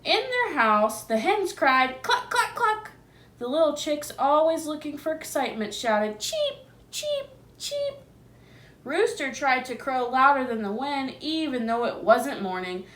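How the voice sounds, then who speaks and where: Woman, teacher, picture-book read-aloud, slow, gentle, lively pitch, asks the kids questions.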